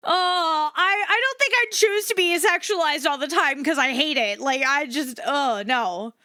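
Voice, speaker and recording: A young adult woman VTuber chatting casually on a live stream, moving between upbeat energy and a flatter low-key tone. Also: measured pace, no room sound, clean studio sound. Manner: animated, shifts between bright energetic and low flat delivery.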